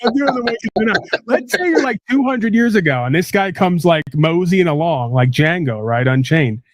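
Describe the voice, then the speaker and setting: A man voicing a put-on, exaggerated Jamaican-accented man in a high, mocking tone. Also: normal speed, no room sound, natural voice.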